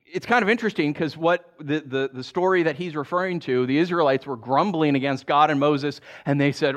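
A man preaching a sermon in a conversational way, with quick asides and laughter. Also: fairly high pitch, fairly bright tone. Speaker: pastor.

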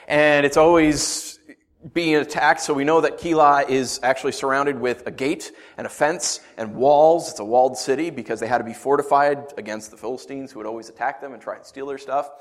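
A middle-aged man preaching a sermon, reading scripture and then explaining it in a loose, conversational way with asides and jokes. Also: medium pitch. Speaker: pastor.

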